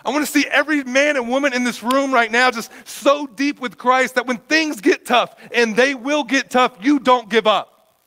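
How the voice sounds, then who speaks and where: A man preaching a sermon as a church pastor, stammering and repeating words as he gets fired up, swinging from hushed to loud. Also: extremely high pitch, normal speed.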